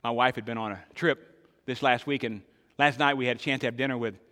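Older guy preaching, bright forceful voice, asks the crowd stuff, goes loud then soft, big echoey church. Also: medium pitch, steady tone, a little fast. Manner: emphatic preacher, asks the congregation questions, swings loud and soft. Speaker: pastor. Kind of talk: sermon. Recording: long hall reverb.

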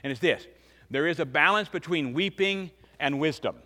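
A man in his fifties preaching a sermon as pastor, emphatic, swinging between loud and hushed. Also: fairly high pitch, normal speed. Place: church sanctuary. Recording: long reverb of a large church hall.

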